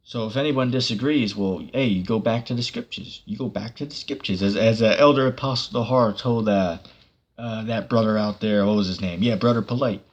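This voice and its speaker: A man's voice: fairly low pitch, brisk. A man giving a casual online sermon, rambling with many fillers and breaking into sarcastic bursts. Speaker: preacher.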